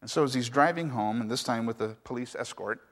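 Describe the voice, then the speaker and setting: A man's voice: mid-range voice, fast talker, fairly bright tone. A man pastor preaching a sermon, telling a story in a conversational way with asides to the congregation. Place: church sanctuary. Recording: echoey hall reverb.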